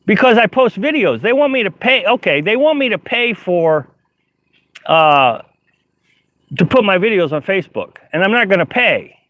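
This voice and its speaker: In a camper, a middle-aged man hosts a relaxed live stream, reading comments from viewers out loud at normal speed. His high-pitched voice is expressive and slightly bright, and he rambles with frequent laughter, fillers, and restarts. No room sound is audible, though the live-stream audio is dull and lo-fi.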